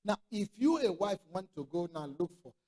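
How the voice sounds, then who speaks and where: Male pastor, middle-aged, sermon, high voice, storytelling, acts out dialogue, rhetorical questions. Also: sing-song, normal speed, a little mellow. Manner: storytelling preacher who acts out quoted dialogue.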